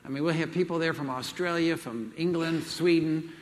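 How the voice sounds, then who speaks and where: Telling jokes with a homespun chuckle and lots of fillers, an older man presents a seminar at a Christian event. His pitch sits fairly high and his pace is moderate, while the large hall and its audience give the recording a long, echoing reverb.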